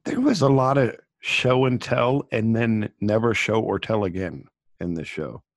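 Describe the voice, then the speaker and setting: A man's voice: lowish voice, animated, unhurried, no echo. A man co-hosting a casual TV show discussion, talking in a dry, wry, grumbling way.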